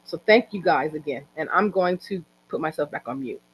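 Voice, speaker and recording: A woman hosting an online event, giving a halting, heartfelt personal speech over a video call. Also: low-pitched, animated, background noise. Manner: halting, heartfelt, with many restarts. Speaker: event organizer and host. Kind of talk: emotional personal speech on a livestream.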